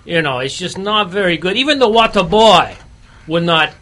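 Guy doing a bayou gator hunter voice, high-pitched drawl, rambles on with "you know" every other line. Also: expressive, normal speed, fairly bright tone. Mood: deadpan rambling. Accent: put-on Southern bayou drawl. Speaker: cigar reviewer. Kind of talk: comic radio cigar review.

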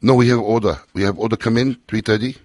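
A man's voice: lowish voice, steady tone, fast talker, a little mellow, no room sound, lightly acted. A man voicing a male Chinese takeout owner on a prank phone call, in broken English with a put-on Chinese accent. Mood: insistent. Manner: broken English, pushy about payment.

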